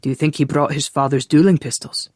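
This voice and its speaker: A narrator voicing a dry-humored young Scottish man on the run, who speaks in a wry, low and understated way. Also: fairly even intonation, a little fast, a little mellow, dry recording, close to an everyday voice.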